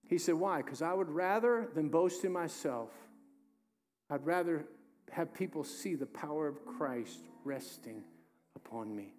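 A man preaching with a high-pitched voice, switching between loud urging and hushed, slowed-down lines. His voice rings through a church hall with long reverb. Faint music plays underneath. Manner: emphatic, swings from loud urging to hushed slow delivery. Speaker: pastor. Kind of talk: sermon. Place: church sanctuary.

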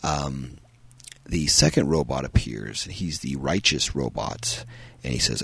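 A man's voice: extremely low pitch, animated, measured pace, vocal fry, a bit bright, breathy edge, dry recording. A man hosting a podcast, reviewing a film in a rambling, casual way with frequent ums and uhs.

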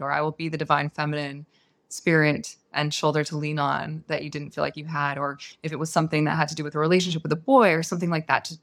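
A woman, a guest on an interview show, telling a personal story in a soft, unhurried, earnest way. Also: on the low side.

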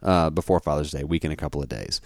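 A man's voice: a bass voice, fast talker, no echo, studio quality. A man in his thirties co-hosting a podcast, chatting casually and animatedly with lots of filler words. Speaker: podcast co-host. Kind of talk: casual chat.

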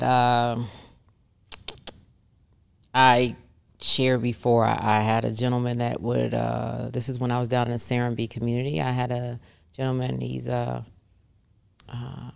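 A middle-aged woman with a gravelly, fry-laden voice chats about her years as a massage therapist. She tells her stories casually, and she brings them to life by animatedly voicing the people she quotes. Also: rumbling low. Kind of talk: casual interview storytelling.

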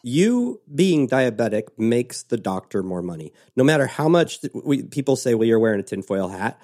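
A man hosting a casual podcast conversation, telling stories with lively acted-out quotes. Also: mid-range voice, normal speed, no room sound, studio quality. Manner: animated storytelling, acts out quotes. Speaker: podcast host.

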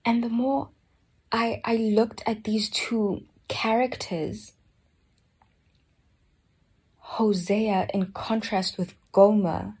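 Soft-spoken breathy woman, slow and earnest. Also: mid-range voice, steady tone. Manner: slow, soft, earnest, often drops to a breathy near-whisper. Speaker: Bible study speaker. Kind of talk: reflective personal Bible talk.

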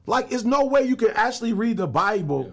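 A man's voice: very high voice, big pitch swings, a little fast. A middle-aged man, a motivational speaker and pastor, talking as a guest in an emphatic, slangy, preacher-like way. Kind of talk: casual interview talk.

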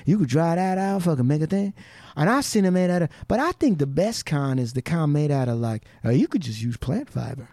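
An easygoing Southern bow maker drawls folksy advice, as a man puts him on. The voice sits a little high with a Southern US accent, recorded close and dry. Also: expressive, brisk, dark tone, no room sound. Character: laid-back Southern American Indian bow maker.

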